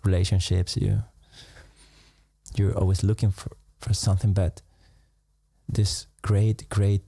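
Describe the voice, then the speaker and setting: Low gravelly man, musing meditation talk. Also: little pitch movement, no room sound, clean studio sound. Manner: unhurried, musing, laughs softly between thoughts. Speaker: meditation teacher. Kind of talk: reflective live-stream talk.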